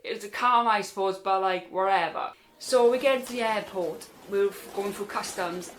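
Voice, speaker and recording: A young woman, telling a personal story in a casual, animated way and acting out other people's lines. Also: mid-range voice, normal speed, a little hiss or hum. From Wales. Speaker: storyteller vlogger.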